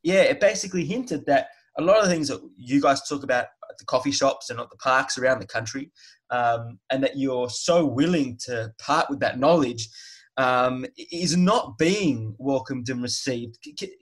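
A man's voice: medium pitch, moderate pace, breathy edge, rough recording. A man hosting a podcast, asking long, rambling questions with frequent restarts in a chatty way. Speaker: podcast host. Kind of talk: conversational interview.

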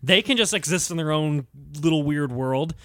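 Animated, bright-voiced man joking around. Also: fairly high pitch, dry recording, clean studio sound. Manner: animated, joking, quick bursts. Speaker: podcast co-host. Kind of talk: casual comedic music podcast chat.

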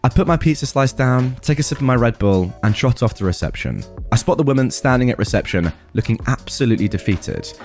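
A man recounting a story from his job as a hotel restaurant manager, with a wry, exasperated edge. His pitch moves a lot, giving the telling a lively, animated lilt. Faint music plays underneath. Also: a little fast, few pauses. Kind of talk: storytelling narration.

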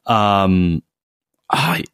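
A man's voice: low voice, very slow, fairly bright tone, clear, resonant tone, no echo, clean studio sound. A man co-hosting a casual podcast chat, emphatic and prone to repeating words for stress. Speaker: podcast co-host.

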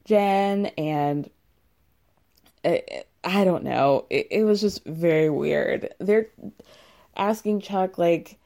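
Low, mellow-voiced woman recapping, chatty. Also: slow. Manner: chatty and sarcastic, heavy use of "like". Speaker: reality show recapper. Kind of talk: casual chat.

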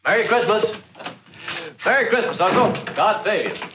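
A man playing a cheerful young male nephew, bright and pleading, in an old TV reading. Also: high-pitched, expressive, moderate pace. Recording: muffled echoey 1949 broadcast with hiss.

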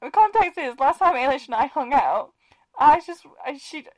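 A young woman on a podcast whose voice sits high and swoops up and down a lot. She chats in a playful, bubbly way. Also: lively intonation, normal speed, a little mellow. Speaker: podcast co-host. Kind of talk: casual chat.

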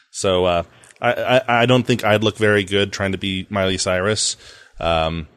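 A male podcast host with a very low, deep voice asks questions and drops dry, deadpan jokes. The sound is close and dry, with no room echo. He keeps a relaxed, conversational tone. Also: measured pace, clean tone. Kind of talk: casual interview chat.

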